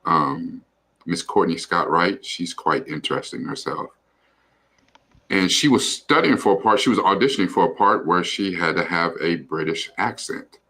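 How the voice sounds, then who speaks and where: Deep, expressive, and pushed bright at a normal speed, this man's voice carries his casual livestream co-hosting. He rambles loosely, leaning on fillers and now and then swearing.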